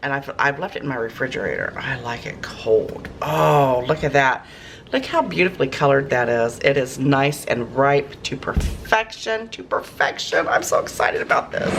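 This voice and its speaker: With a rumbling low voice, a home cooking vlogger speaks expressively at a moderate pace, chatting casually to camera. She's folksy, raving about fresh food in her own kitchen amid background clatter of pots and dishes.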